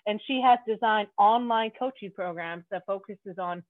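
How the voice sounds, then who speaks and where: A playful woman hosting a casual podcast interview, bubbly and quick to laugh. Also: mid-range voice, no echo. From Canada. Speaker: podcast host. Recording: tinny phone-like line.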